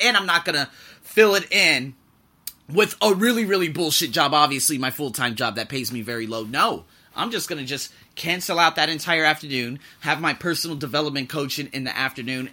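A man's voice: fairly high pitch, pushed and bright. A man who teaches English talks frankly in a rambling vlog monologue, exasperated and swearing freely.

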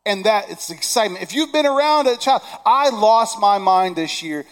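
A middle-aged man preaching a Christmas sermon, animated and shouting excited lines. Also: high voice, normal speed. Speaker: pastor. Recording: long reverb of a large hall.

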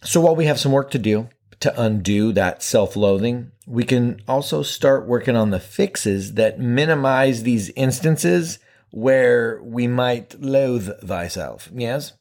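A man's voice: medium pitch, expressive, takes it slowly, a little mellow. A man hosting his own podcast, talking casually in a playful, jokey and emphatic way. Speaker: podcast host. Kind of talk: casual solo podcast talk.

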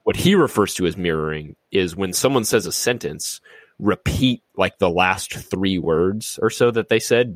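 A man with a very deep voice explains an idea step by step with examples. His voice is recorded dry and close, with no room sound. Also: no echo. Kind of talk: casual conversation.

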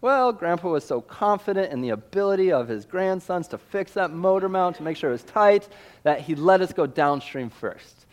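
Animated male storyteller preacher. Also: high-pitched, normal speed. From Missouri. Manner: animated storyteller with sound effects. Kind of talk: storytelling sermon.

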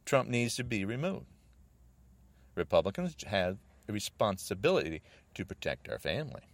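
An American man delivering an agitated political rant, repeating himself and swinging between raised outbursts and low muttering. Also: very animated, moderate pace, no echo. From United States.

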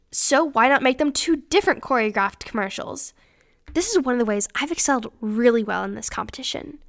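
Giving pageant tips, a teenage girl with a fairly high, fairly bright voice sounds scripted and upbeat. She is instructive and leans hard on her dos and don'ts.

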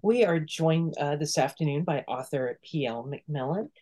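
A podcast host opens a casual interview in a friendly tone, with plenty of fillers. The voice sits at a middling pitch. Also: lively intonation, moderate pace, dark tone.

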